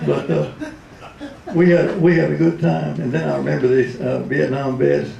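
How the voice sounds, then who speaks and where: A man's voice: a little high, steady tone, moderate pace, gravelly, mellow, lo-fi sound. A man in his seventies, a retired radio DJ, telling comic stories in a speech, laughing often and slipping into voices. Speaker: retired radio DJ, convention speaker. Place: convention hall. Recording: roomy hall.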